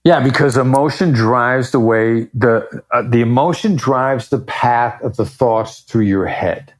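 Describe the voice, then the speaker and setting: The man's mid-range voice moves a little slowly as he talks as a podcast guest. A negotiation expert, he explains things emphatically in a conversational interview and varies his speed for effect.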